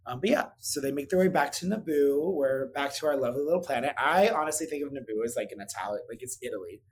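A man's voice: mid-range voice, fast, slight background noise. Chatty male movie podcaster. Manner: animated, mocking impressions, lots of fillers. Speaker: podcast co-host. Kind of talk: casual chat about films.

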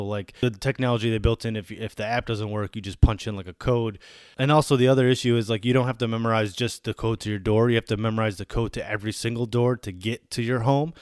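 A man in his thirties rants through a solo podcast story, cursing freely and acting out his own quoted thoughts. His voice sits at an everyday middle pitch. The sound is dry and close, with no room echo. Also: smooth. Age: 30s. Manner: animated storytelling with swearing and quoted asides. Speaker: podcast host. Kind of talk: casual solo rant.

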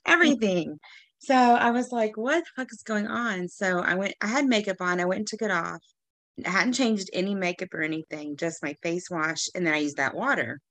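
A woman from Texas, co-hosting a podcast in casual chat, rambling through stories and clearing her allergy-irritated throat often. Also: on the low side, a little fast, a bit bright, dry recording. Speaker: podcast co-host.

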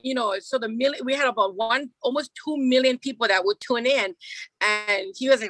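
Woman, middle-aged, bright, slightly high, dry close sound, animated storyteller. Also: fairly quick, no room sound. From Hawaii. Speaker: radio morning show host, guest. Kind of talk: casual storytelling chat.

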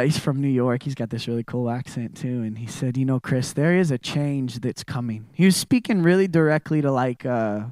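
A young adult man preaching a sermon in a relaxed, conversational way, full of fillers and asides. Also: mid-range voice, no echo. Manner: conversational storytelling with frequent fillers.

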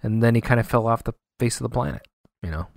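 A man co-hosting a podcast in casual chat, animated and rambling, laughing often. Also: mid-range voice, quick pace, vocal fry, no room sound, studio quality. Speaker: podcast co-host.

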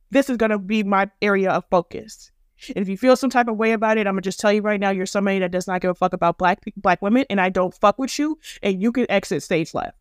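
Young black woman ranting on her podcast, smooth clear voice, dry mic, cusses a lot, very blunt. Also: mid-range voice, dry recording. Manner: blunt, profane and emphatic. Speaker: podcast host. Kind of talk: opinionated commentary monologue.

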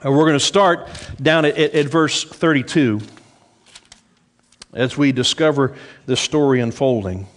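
A middle-aged man preaching a sermon, lively in delivery, dropping low and soft when quoting scripture. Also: unhurried, pauses often. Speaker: pastor.

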